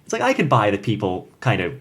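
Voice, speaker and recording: A man with a fairly low speaking voice chatting on a podcast. He talks in a halting way, restarting his sentences as he walks through what happens in the story. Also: wildly swooping pitch, a bit bright, breathy edge. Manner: hesitant, with many restarts, summarizing the plot. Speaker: podcast co-host. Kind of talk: casual podcast chat about fanfiction.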